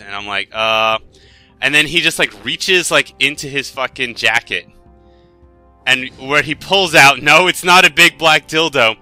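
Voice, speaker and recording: A young man, a gaming video host, casually telling a rambling, self-deprecating story over his gameplay commentary, getting animated when excited. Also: medium pitch, moderate pace, dry recording. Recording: dry close mic with faint game music.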